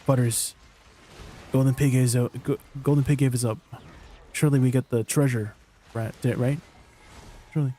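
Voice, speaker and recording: A man's voice: medium pitch, fairly even intonation, moderate pace, pauses often, dark tone, slight background noise. A young man streaming a game, answering his viewers in a teasing, incredulous way. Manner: incredulous, teasing replies to chat. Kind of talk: live stream chat with viewers.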